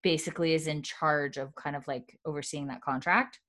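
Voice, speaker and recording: A woman's voice: low voice, fairly even intonation, brisk, fairly bright tone. A woman hosting a casual chat, recapping a TV episode in a rambling way with many fillers.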